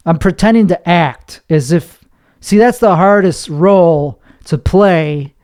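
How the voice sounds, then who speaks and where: A man's voice: high-pitched, slow, darkish tone, clear, resonant tone. A young man hosting a podcast, rambling through a confessional monologue, swearing and mocking himself. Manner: rambling, self-mocking, profane, slips into put-on voices. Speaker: podcast host, comedian.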